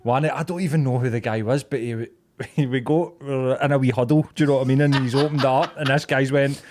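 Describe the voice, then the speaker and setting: A Glaswegian man chatting on a podcast. He tells his stories animatedly and swears as he goes, at a medium pitch. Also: fairly even intonation, quick pace, noisy background. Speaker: podcast co-host. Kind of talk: casual chat.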